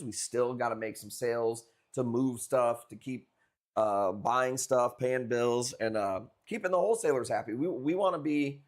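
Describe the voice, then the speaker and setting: A young man from the Chicago area chatting loosely with viewers during a live coral auction stream, swearing casually as he talks. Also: medium pitch. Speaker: livestream coral seller. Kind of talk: casual livestream chat.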